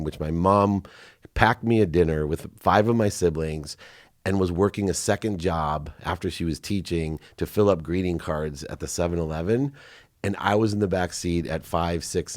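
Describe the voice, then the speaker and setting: A man's voice: low-pitched, a little mellow, no room sound, studio quality. A middle-aged man, a podcast guest, telling candid personal stories with feeling, choking up at times.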